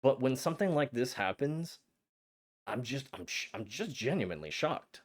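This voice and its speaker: Flustered, excitable male streamer. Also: mid-range voice, moderate pace. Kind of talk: casual live-stream chat.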